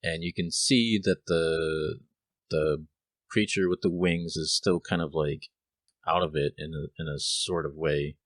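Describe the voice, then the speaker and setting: Deep slow-talking man running a game. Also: steady tone, dry recording. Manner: rambling, casual narration with many fillers. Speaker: game master. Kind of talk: narrating a tabletop game.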